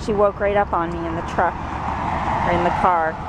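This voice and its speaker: A woman vlogging casually from a car on a road trip, chatting warmly and using baby talk with a puppy. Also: on the low side, steady tone, normal speed, recorded from a distance. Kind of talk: casual vlog chat. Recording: loud road noise, voice off-mic.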